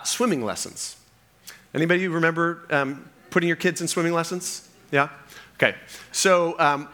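A middle-aged man preaching from the pulpit with a bright, forceful voice pitched a little high. He tells his stories with animation and keeps checking in with his listeners. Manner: animated storytelling with frequent "okay?" check-ins. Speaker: pastor. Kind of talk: sermon.

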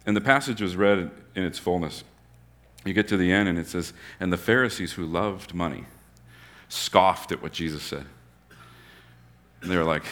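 A male pastor with a lowish, bright and forceful voice tells a parable in relaxed, everyday language. He voices the characters as he goes and at times sinks almost to a whisper. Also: moderate pace, pauses often. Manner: casual storytelling with voiced characters, drops to a near-whisper at times. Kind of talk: sermon.

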